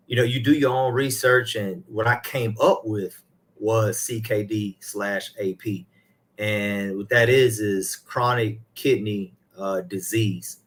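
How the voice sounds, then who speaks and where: A man, an elder of a ministry, talking casually about faith and his own life, rambling and putting in a hallelujah now and then. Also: fairly low pitch.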